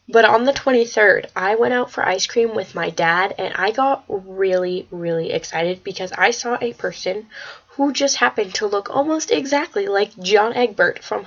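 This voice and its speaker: A teenage girl chatting in a casual vlog, rambling and excitable, swearing when she gets worked up. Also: medium pitch. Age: teens. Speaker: vlogger. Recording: slightly dull lo-fi webcam audio.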